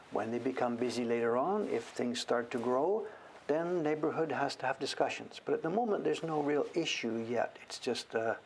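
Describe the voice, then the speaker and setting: A man's voice: mid-range voice, gravelly, a little hiss or hum. An older man from Canada chatting casually on a livestream, rambling as he works on a carving. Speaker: woodblock printmaker streaming live.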